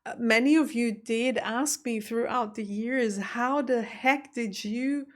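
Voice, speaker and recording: A woman's voice: on the high side, slow pace. A young adult woman hosting a TV reaction video, talking in a chatty, emotional and exclamatory way. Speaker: reaction channel host. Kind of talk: casual reaction commentary.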